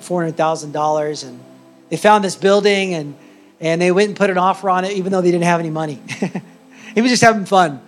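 A man preaching a sermon as the church's pastor, telling a story with animated, emphatic delivery. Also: sits high.

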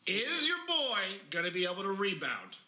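A man co-hosting a casual motocross podcast, talking fast and emphatically and swearing freely. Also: sits high, huge pitch swings, pushed and bright, echoey room, low-quality recording. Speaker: podcast co-host.

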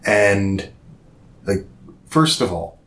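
A man in his thirties from Nova Scotia with a fairly low voice. He tells a story in a casual chat, animated and profane, and acts out the lines of the people in it. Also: very slow. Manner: profane, animated retelling with acted-out quotes.

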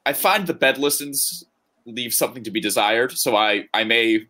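Speaking at a normal speed in a sharp-toned, mid-range voice, a man co-hosts a podcast. He keeps things casual, joking around and rambling through whatever comes to mind.

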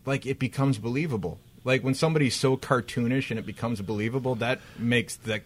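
A man co-hosting a casual podcast who talks in a loose, rambling way and swears freely. His voice sits at a middle pitch and gets animated as he goes on tangents. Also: brisk. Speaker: podcast co-host. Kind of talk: casual chat.

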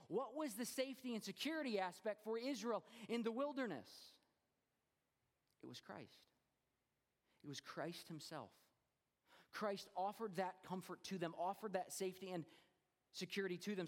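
A man's voice: high voice, big-room sound. A man preaching a sermon in a conversational way, acting out crowd voices as he retells a story. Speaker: pastor.

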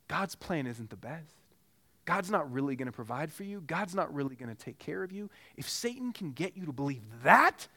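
A man's voice: on the high side, fairly bright tone. A man preaching a sermon as pastor, earnest and pressing with repeated rhetorical questions.

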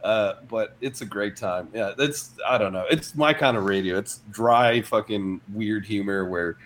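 A man's voice: lowish voice, a little slow, a bit bright, a little hiss or hum. Laughing man telling a radio story. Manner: laughs often, swears freely, acts out quotes. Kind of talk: casual chat, storytelling.

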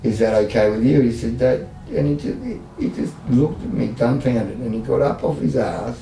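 A middle-aged Australian man speaks candidly, blunt and wry as he tells his story. His voice is dark and mellow. It sits back from the mic in an echoey room with a faint hum underneath. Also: medium pitch, lively intonation, normal speed, creaky, far from the mic. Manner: blunt, emotional, self-mocking humor. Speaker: service user guest.

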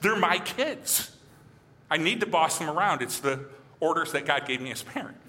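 Bright-voiced pastor preaching in a ringing hall. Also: male voice, fairly high pitch, moderate pace. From Michigan. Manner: animated, acts out quotes and voices. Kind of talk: sermon.

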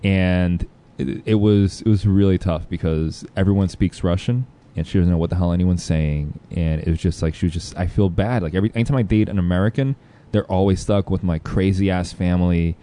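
A man with a low, dark and mellow voice hosts a loose comedy podcast conversation. He rambles, jumps from topic to topic and breaks into laughter as he tells stories. His delivery is loose and chatty. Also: fairly even intonation, fairly quick. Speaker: podcast host. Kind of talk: casual comedic chat.

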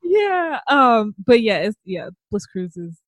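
A woman's voice: on the high side, very animated, takes it slowly, no room sound. A woman podcast host in casual chat, telling stories with frequent giggles. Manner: giggly, laughs through stories.

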